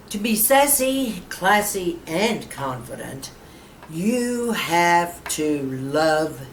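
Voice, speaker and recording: A woman's voice: sits low, distant mic, a little hiss or hum. A woman in her fifties giving chatty, encouraging beauty and confidence advice to her viewers as a vlogger. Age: 50s. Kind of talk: casual advice to camera. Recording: echoey room, a little off-mic, faint ambience.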